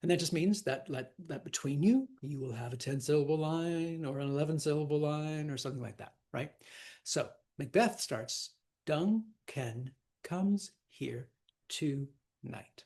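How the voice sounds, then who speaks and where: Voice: medium pitch, normal speed, a little mellow. A teacher giving a loose, chatty lecture on verse, with asides and fillers, sometimes counting out stresses in sing-song syllables.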